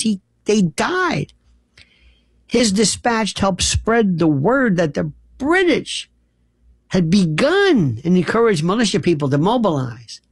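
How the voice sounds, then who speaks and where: A man's voice: high-pitched, no echo, clean studio sound. Rambling late-night radio host, man. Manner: rambling, self-interrupting, with sudden loud outbursts. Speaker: radio talk show host.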